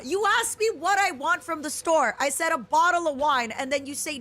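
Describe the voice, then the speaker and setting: A woman streamer chatting casually while she plays, excitable and giggly, breaking into squeals. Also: sits high, moderate pace. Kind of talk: casual live-stream chat while gaming.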